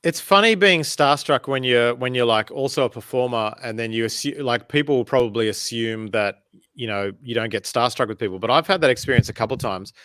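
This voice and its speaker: A man hosting a casual chat, telling self-deprecating stories with animated energy. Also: medium pitch, brisk, clear, resonant tone, no echo, studio quality. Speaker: host.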